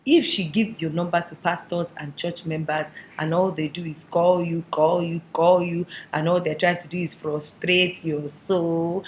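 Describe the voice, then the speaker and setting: A woman's voice: on the low side, fairly even intonation, unhurried, slight background noise. A young woman delivers a comic advice monologue to camera. She talks in a sassy, conspiratorial way, leaning into every punchline. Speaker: vlogger.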